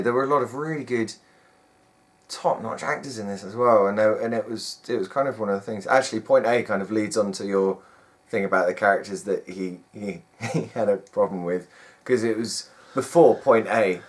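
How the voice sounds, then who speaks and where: A man's voice: on the low side, normal speed. A man from the UK co-hosting a casual film review chat, laughing a lot and restarting his phrases. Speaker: film review podcast co-host.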